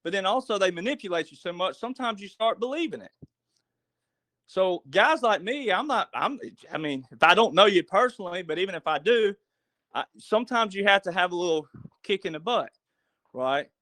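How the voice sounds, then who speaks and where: A man with a high voice talks in a folksy, preachy way and keeps asking his listeners questions. He sits close to the mic in a dry room with no echo. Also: lively intonation, brisk, sharp tone. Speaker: podcast guest. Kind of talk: casual storytelling monologue.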